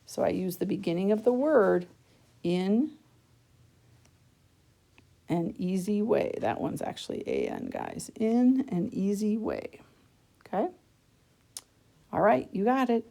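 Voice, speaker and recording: Gravelly-voiced woman teacher explaining a worksheet. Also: mid-range voice, wildly swooping pitch, measured pace, pauses often, warm tone. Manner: patient, checks in with frequent "okay?"; talks students through each step of the task. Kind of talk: worksheet lesson recorded for students.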